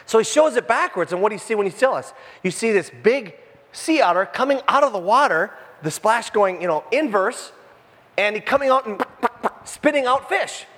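A man preaching a sermon in a conversational, animated way, full of jokey asides. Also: high-pitched, moderate pace, big-room sound. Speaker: pastor. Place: church room with a congregation.

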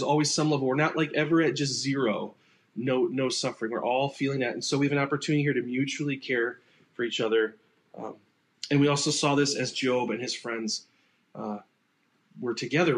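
A pastor giving a relaxed, conversational sermon, speaking unscripted and acting out sample replies in quoted voices. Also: male voice, medium pitch.

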